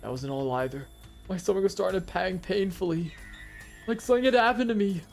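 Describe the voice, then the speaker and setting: A woman's voice: medium pitch, a little fast, creaky, a little mellow, faint music behind. A young woman streaming a game, reading narration aloud and chatting to her viewers in a frustrated, offhand way. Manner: frustrated, talks to chat.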